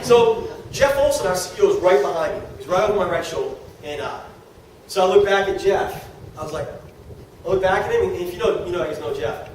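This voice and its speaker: A middle-aged man giving a motivational talk to a live audience about network marketing, excitable, repeating words and laughing as he talks. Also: high voice, fast. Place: meeting room with an audience. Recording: echoey room, distant mic, background noise.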